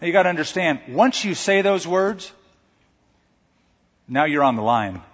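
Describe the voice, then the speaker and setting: A man preaching a sermon as pastor, animated, shouting out quoted lines. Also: on the high side, normal speed. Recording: dull recording in a reverberant hall.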